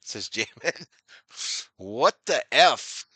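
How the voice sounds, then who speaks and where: A man's voice: medium pitch, lively intonation, very slow, pushed and bright, breathy edge, no echo. A man giving casual, slangy fan play-by-play of a baseball game, laughing often and reading chat comments aloud. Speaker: live-stream baseball commentator.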